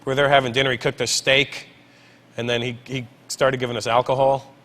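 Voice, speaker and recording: Bright-voiced comedian telling a story. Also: male voice, mid-range voice, fairly quick. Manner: animated storytelling, voices the people he quotes. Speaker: comedian talk show guest. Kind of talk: comic anecdote on a talk show.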